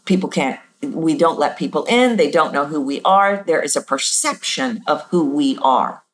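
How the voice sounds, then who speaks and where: A middle-aged woman hosting a podcast, coaching on voice in a casual teaching monologue and jumping her pitch to act out examples. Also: lively intonation, normal speed.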